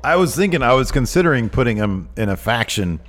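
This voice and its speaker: A man co-hosting a laid-back podcast chat, his voice swinging up and down as he pitches one idea after another. He sounds eager and talkative, with a middle-pitched voice. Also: a little fast. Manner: animated, pitching ideas eagerly. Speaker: podcast co-host. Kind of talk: casual chat.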